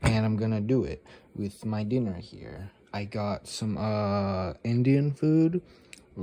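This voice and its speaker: A man's voice: lowish voice, animated, measured pace, warm tone. A man vlogging offhand at a dinner table, rambling, swearing freely and talking while he chews, recorded on a camera microphone. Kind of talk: casual rambling vlog.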